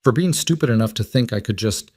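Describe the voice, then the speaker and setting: A man voicing a frightened young single mother, crying and breathless, in halting sentences. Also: fairly low pitch, lively intonation, darkish tone, a little hiss or hum, natural voice. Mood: despairing.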